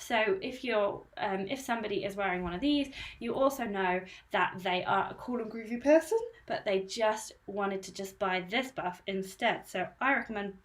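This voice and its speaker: A woman in her thirties hosting a running live stream, chatting upbeat and casually as she reads out viewer comments. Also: mid-range voice.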